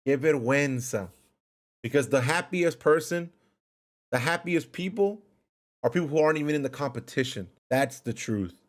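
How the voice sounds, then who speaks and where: A man with a voice pitched a little above most men's delivers a heated football rant. He circles back to the same complaints and repeats his lines for emphasis. It sounds like an angry fan talking straight to his viewers. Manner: heated, repetitive ranting. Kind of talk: post-match rant.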